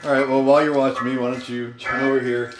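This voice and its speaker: A relaxed man walks through a recipe on a home cooking stream, chatting as he works. His voice bounces around an echoey kitchen. Background music plays clearly behind him. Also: medium pitch, quick pace. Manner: relaxed, chatty, explains steps as he cooks. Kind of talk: casual cooking chat. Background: royalty-free background music.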